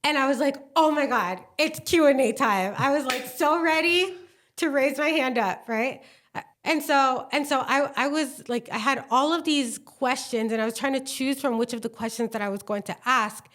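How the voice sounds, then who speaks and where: A woman co-hosting a podcast, telling a story in a lively, gushing way with lots of fillers and acted-out quotes. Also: sits high, normal speed. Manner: animated, gushing storyteller who acts out quotes. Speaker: podcast co-host. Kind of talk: casual chat.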